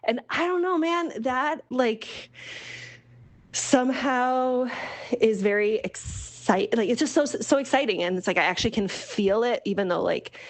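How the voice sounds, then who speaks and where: A woman hosting a podcast and talking in a casual voice-memo chat. She rambles with many fillers and restarts, and her voice is soft and sing-songy. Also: on the high side, unhurried. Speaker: podcast host.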